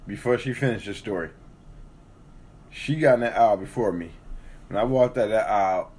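A man's voice: fairly low pitch, normal speed, a little mellow, breathy edge. A man in a casual podcast chat, telling profane stories and acting out the people he quotes. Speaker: co-host.

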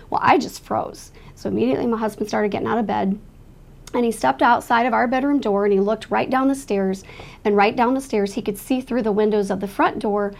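A woman's mid-range voice, gravelly and a little mellow, carries an earnest, emotional retelling of a frightening night. She presents it as a testimony grounded in her faith.

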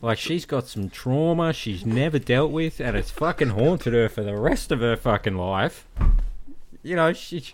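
A man's voice: mid-range voice, expressive, measured pace, a little hiss or hum. A man co-hosting a podcast, joking and swearing in casual film chat while voicing the characters. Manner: sweary, jokey, voices characters. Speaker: podcast co-host.

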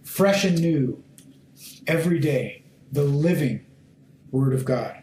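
A man teaching a sermon and reading scripture aloud, speaking in short, deliberate phrases and pressing his listeners with emphatic questions. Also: fairly high pitch, expressive, darkish tone, a little hiss or hum. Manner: slow, deliberate phrasing in short measured fragments. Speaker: Bible teacher. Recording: roomy echo.

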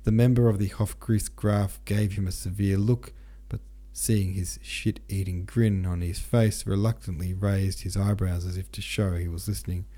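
A man's voice: low-pitched, flat delivery, normal speed, hardly any pauses, warm tone. A man hosting a podcast, reading a classic novel aloud in a casual, irreverent, slangy style. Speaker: podcast host and narrator. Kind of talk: casual audiobook narration.

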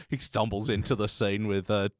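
A man's voice: lowish voice, expressive, measured pace, no room sound, studio quality. A man co-hosting a podcast in casual chat, laughing often and tossing out puns and wild theories. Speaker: podcast co-host.

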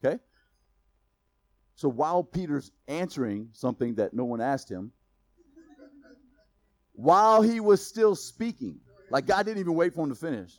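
Man, high voice, casual sermon, chatty and emphatic, dry close sound. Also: expressive, unhurried, long pauses, no echo. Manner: casual, conversational preaching with laughs and asides; swings from loud emphasis to quiet intensity. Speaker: pastor.

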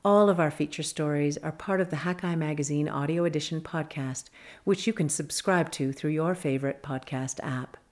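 A woman reading a scripted magazine feature as narrator, measured and even. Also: sits low.

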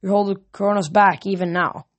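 A woman's voice: medium pitch, fairly even intonation, normal speed, lightly acted. Woman voicing a determined young fighter girl. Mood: pleading.

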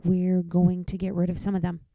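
A woman's voice: lowish voice, monotone, normal speed, mellow, no echo, close to an everyday voice. A woman voicing an exasperated mother who talks in a firm, bossy way.

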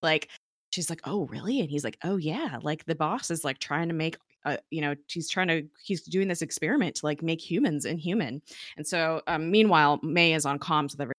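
A woman's voice: deep voice, fairly quick, a bit bright, no room sound, studio quality. A woman recapping a TV episode in casual chat, talking in a chatty, filler-heavy way and laughing often, recorded at home. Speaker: podcast co-host recapping a TV episode. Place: home office.

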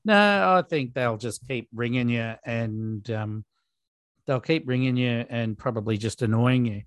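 An Australian man with a middle-pitched voice co-hosts a casual podcast chat. He talks with an exasperated edge and stumbles over his words, repeating them as he restarts. The mic is close and dry. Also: fairly even intonation, measured pace, no echo. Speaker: podcast co-host.

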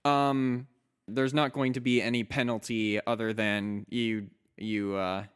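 Male game master, clear smooth tone, halting casual narration. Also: mid-range voice, little pitch movement. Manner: hesitant, many fillers and restarts.

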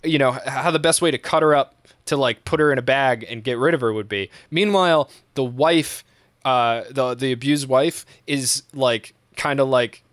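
A man's voice: normal speed, no room sound, clean studio sound. A young man in casual chat, rambling through a story with lots of swearing and fillers. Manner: animated, acts out quotes in high voices.

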